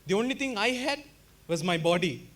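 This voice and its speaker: A young man tells a stand-up story in a loose, rambling, self-mocking way. His voice sits very high and sounds bright and forceful, and he keeps turning to address the crowd directly. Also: expressive, normal speed. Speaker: stand-up comedian.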